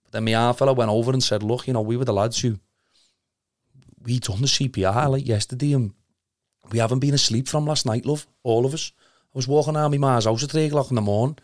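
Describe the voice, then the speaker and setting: A man's voice: mid-range voice, fairly even intonation, quick pace, no room sound, clean studio sound. A young man with a Liverpool accent telling an emotional story in casual chat, rambling, earnest and swearing a lot. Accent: Liverpool (Scouse). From Liverpool, England.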